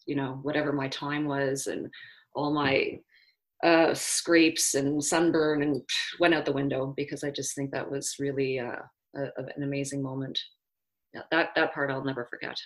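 A middle-aged woman telling a story in an interview, halting and restarting often. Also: very deep voice, steady tone, rough recording. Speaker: interview guest, marathon runner.

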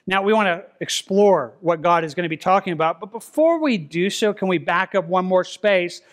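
A man with a fairly high voice preaches in a church, talking it through casually and pausing to read scripture slowly. He often stumbles and repeats a word, and keeps things plain and easy to follow. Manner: conversational, repeats words, reads scripture slowly. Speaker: pastor. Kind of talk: expository sermon. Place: church sanctuary.

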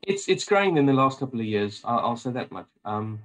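A man's voice: mid-range voice, big pitch swings, a little fast, fairly bright tone, rough recording. A man with a South African accent, chatting at length as a podcast guest, rambling and often restarting his sentences. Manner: talkative and rambling, many restarts. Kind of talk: casual interview chat.

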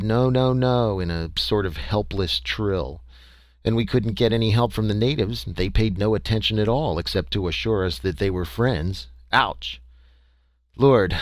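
Low-voiced man narrating a story. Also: dry recording. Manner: folksy, conversational with small hesitations. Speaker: audiobook narrator. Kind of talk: first-person audiobook narration.

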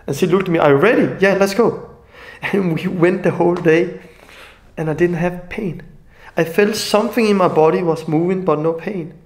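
A man's voice: fairly high pitch, creaky, darkish tone. Danish-accented man sharing an emotional testimony. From Denmark. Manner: halting, restarts often, non-native grammar. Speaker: ministry leader.

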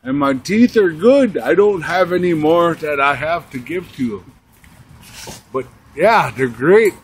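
A drunk man rambles at a crawl, his pitch swinging high and low as he loses his thread, as a young man puts him on for friends. He talks slowly and halts over filler after filler, and faint noise sits behind him. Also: animated. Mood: rambling drunk. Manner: slow, rambling, halting with many fillers. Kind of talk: amateur comic impression among friends.

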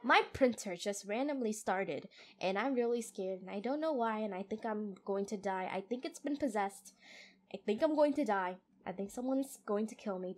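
A young woman casually commentating her own survival game at home, jittery and giggly, easily startled and quick to laugh at herself. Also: a little high. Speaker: gamer playing a survival game. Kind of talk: casual let's play commentary. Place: room at home.

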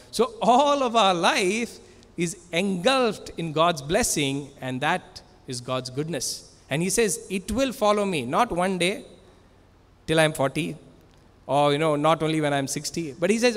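A man's voice: fairly high pitch, big-room sound. A man preaching a sermon in earnest, emphatic, repetitive phrases, recorded in a church. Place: church sanctuary.

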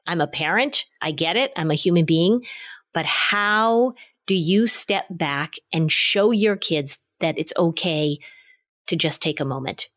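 Middle-aged woman, podcast host, lowish voice, calm practical parenting advice, casual chat.

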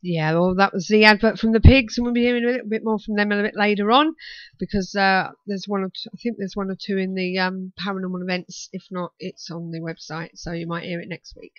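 A woman's voice: medium pitch, steady tone, fast talker, no echo. Chatty woman hosting a talk show. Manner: chatty, hesitant, many fillers. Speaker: radio talk show host. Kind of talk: casual chat. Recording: muffled dry sound.

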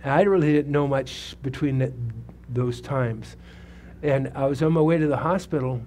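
In a church sanctuary, a man in his seventies delivers a sermon with a personal testimony at a moderate pace. His mid-range voice has a darkish tone, there's slight background noise, and he keeps it conversational, posing questions to the people listening.

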